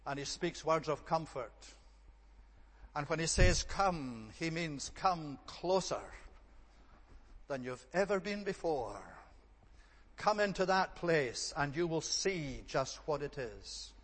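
A man's voice: a little high, expressive, a little slow. A man preaching a sermon in a church, earnest and emphatic, repeating phrases for stress. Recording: long reverb of a large hall.

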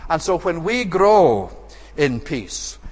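A man delivers an expository sermon and stresses his points with repeated, emphatic phrases. His voice sits a little high for a man. It rings out with a long reverb, as in a church sanctuary. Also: very animated, slow pace. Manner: emphatic, repetitive rhetorical phrasing. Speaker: preacher.

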